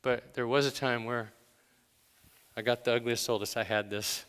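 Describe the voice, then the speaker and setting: A man's voice: medium pitch, fairly even intonation, moderate pace, fairly bright tone, clean tone. A male pastor giving a conversational, emphatic sermon, telling everyday stories with dramatic gasps. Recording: long hall reverb.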